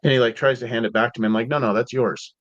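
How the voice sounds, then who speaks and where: Here the Seattle podcast guest talks very fast in a fairly bright, mid-range voice with fairly even intonation. He tells casual stories in a laid-back, slangy way, full of "like" and "dude." The audio is dull and dry, with no room sound.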